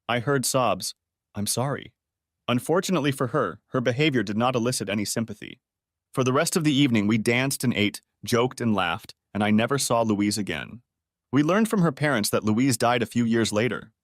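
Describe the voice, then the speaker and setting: Steady male storybook narrator, dry sound. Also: mid-range voice, dry recording. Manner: steady, measured first-person reading.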